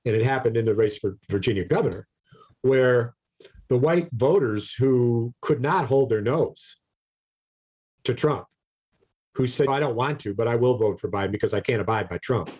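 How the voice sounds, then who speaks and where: A man's voice: medium pitch, moderate pace, darkish tone, husky. A man co-hosting a casual podcast, ranting animatedly about politics, swearing freely and often repeating his words. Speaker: podcast co-host.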